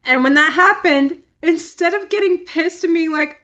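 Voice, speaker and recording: A young woman co-hosting a casual podcast, her voice sitting high. She tells stories with plenty of energy, laughing often and acting out each scene. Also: moderate pace, highs cut off. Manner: animated storyteller, laughs often, acts out scenes. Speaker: podcast co-host. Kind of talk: casual chat.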